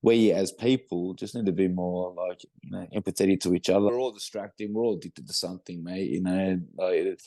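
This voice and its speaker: Aussie bloke, low voice, dry close sound, rambles and swears a lot. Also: male voice, brisk, hardly any pauses, mellow, no echo. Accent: Australian. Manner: rambling, heavy swearing and fillers. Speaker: guest in recovery. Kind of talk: casual podcast conversation.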